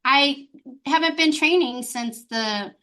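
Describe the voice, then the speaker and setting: A woman guest on a podcast interview, a life coach who talks in an open, expressive and bubbly way. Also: high-pitched, slow pace.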